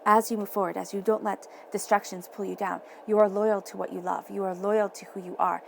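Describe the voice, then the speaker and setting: A woman giving a tarot reading from home, her voice gravelly with a touch of fry at mid pitch. She speaks softly and encouragingly and repeats phrases for emphasis. A faint hiss sits behind her. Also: level tone, a little fast. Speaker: tarot reader.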